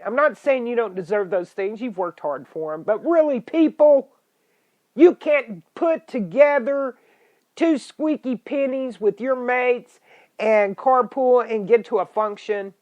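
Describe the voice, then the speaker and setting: A middle-aged woman, hosting a political podcast in an angry, scolding rant with sudden loud outbursts. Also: fairly high pitch, measured pace. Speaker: podcast host. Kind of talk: ranting political podcast monologue. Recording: dull lo-fi internet radio stream.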